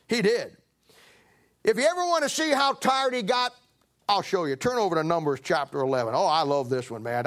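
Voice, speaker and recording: Man, preacher, high-pitched, animated sermon delivery. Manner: animated preaching, acting out a biblical figure's complaints in a raised voice. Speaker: pastor.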